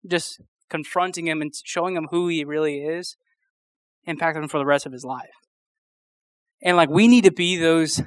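A young man preaches in a loose, conversational sermon, rambling through a story with many fillers and false starts. His voice sits a little high, and the sound is close and dry with no room echo. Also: fairly bright tone. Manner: chatty, rambling, full of fillers and restarts.

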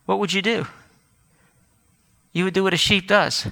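A man's voice: sits high, steady tone, normal speed, creaky, sharp tone. A man preaching a sermon as pastor, earnest and given to self-corrections and restarts, then leading a prayer. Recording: long hall reverb.

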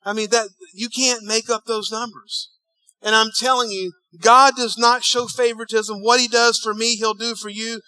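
A man preaching a sermon, telling a story and acting out the dialogue, dropping quiet and then rising loud. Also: very high voice, flat delivery, moderate pace, no room sound, poor audio. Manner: storytelling, acts out dialogue, swings between hushed and loud. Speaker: pastor.

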